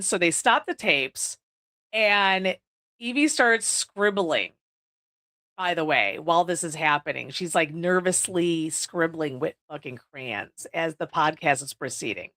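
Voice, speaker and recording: A woman's voice: on the low side, lively intonation, unhurried, sharp tone. A woman hosting a podcast, recapping a horror movie in a casual way, swearing freely and filling her sentences with "like.". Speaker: podcast host. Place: indoors, recording on video.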